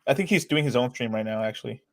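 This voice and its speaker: A man's voice: mid-range voice, quick pace. A man co-hosting a casual crypto chat show, chatty and explaining things with loose hedges. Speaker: co-host.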